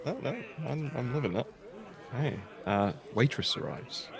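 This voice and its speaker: A man acting as game master for a tabletop role-playing game, quick with rulings and laughing often. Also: mid-range voice, animated, gravelly, crowd noise.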